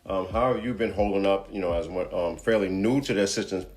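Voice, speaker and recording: A man's voice: low-pitched, fast talker, darkish tone. A man hosting a basketball podcast, loose and joking, laughing easily and fumbling through his questions. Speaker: podcast host. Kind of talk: casual podcast interview. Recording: roomy echo.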